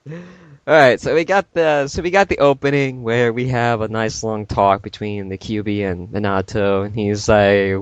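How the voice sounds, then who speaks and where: A man's voice: lowish voice, fairly even intonation, normal speed, clear, resonant tone, dry recording, muffled recording. A man in casual podcast chat who recaps animatedly and acts out quotes as jokes. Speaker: podcast co-host.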